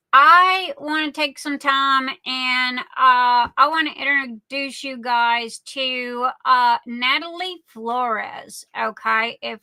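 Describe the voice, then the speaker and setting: A woman's voice: sits high, vocal fry, pushed and bright, no echo, poor audio. A woman, hosting a live stream and greeting viewers by name in a chatty, affectionate, rambling way. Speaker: livestream host. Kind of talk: casual chat greeting viewers.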